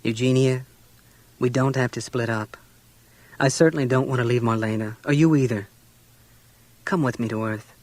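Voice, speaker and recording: A man's voice: a little high, expressive, fast, dry recording, lightly acted. A man doing a stubborn, anxious husband. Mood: softened. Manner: tense, argumentative.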